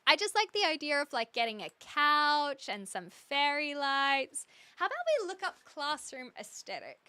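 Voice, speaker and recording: She's a young live streamer, casually talking with her audience, voicing their comments and dithering out loud. Her sing-song voice sits high at a normal pace, and the recording is dry.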